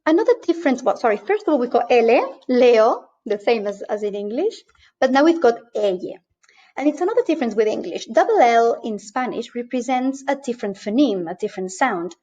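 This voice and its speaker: A fairly high-voiced woman teaches over slides in a mellow, warm tone. She speaks clearly and patiently and slows down to model each sound. The voice-over sounds dull and lo-fi. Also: lively intonation. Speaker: language teacher.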